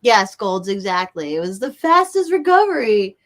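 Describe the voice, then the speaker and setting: A woman with a mid-range voice and moderate pace chats with her livestream viewers from indoors by a bright window. Reading their comments, she rants excitably and profanely, with bursts of nervous laughter.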